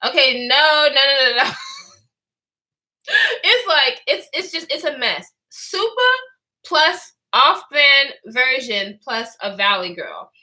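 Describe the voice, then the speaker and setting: This is an animated young woman, spilling a story on her vlog. Her voice sits high and sounds very bright, and it swings widely in pitch as she mimics the people she talks about. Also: slow pace. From Houston, Texas. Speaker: vlogger.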